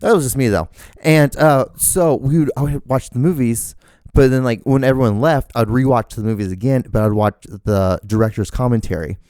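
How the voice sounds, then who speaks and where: A young man hosting his own show, telling rambling, animated stories with lots of fillers and casual swearing. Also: mid-range voice, normal speed, clear, resonant tone, no echo, clean studio sound. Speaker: podcast host. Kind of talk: casual storytelling monologue.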